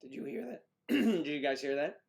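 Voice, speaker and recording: A man's voice: high voice, big pitch swings, normal speed, a little mellow. American man hosting a rambling livestream. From United States. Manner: rambling, fiddly with tech, frequent throat clearing. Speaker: livestream host. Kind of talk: casual livestream chat.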